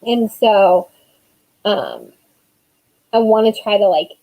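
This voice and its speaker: A woman's voice: mid-range voice, huge pitch swings, takes it slowly, muffled recording. A woman in her thirties, an author chatting casually on a live stream, rambling with lots of fillers.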